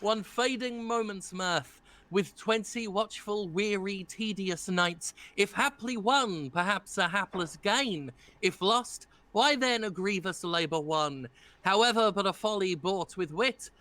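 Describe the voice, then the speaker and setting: A man's voice: high-pitched, measured pace, sharp tone. A man reading an earnest young nobleman in a live amateur read-through of a play. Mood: mocking. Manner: laughs at his own slips while reading. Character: young male nobleman leaving home, earnest and teasing.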